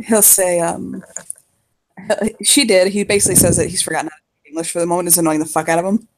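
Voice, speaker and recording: A woman's voice: lowish voice, fairly even intonation, fast, creaky, a little mellow. A woman narrating her characters in a casual role-play, swearing freely and laughing often.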